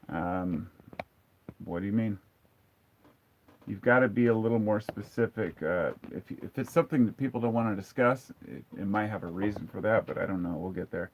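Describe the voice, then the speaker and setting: A man's voice: lowish voice, moderate pace, a little hiss or hum. A man in his forties hosting a casual live stream, candid and blunt as he answers viewer comments. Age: 40s. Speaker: livestream host. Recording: dull lo-fi sound.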